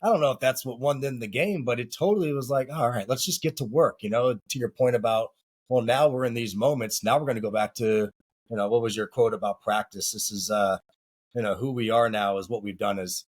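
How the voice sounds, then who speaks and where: A man's voice: mid-range voice, fairly quick. A man co-hosting a casual podcast as a soccer coach, chatty and rambling with filler words.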